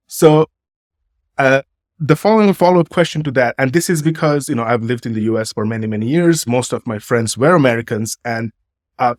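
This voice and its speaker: A male host feels his way through a question, circling back and padding it with small fillers. His voice sits in an ordinary middle pitch. The recording is dry and close, with no room sound. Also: no echo. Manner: searching, halting, with many "like" fillers and restarts. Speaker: podcast host interviewing a guest. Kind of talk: casual conversational interview.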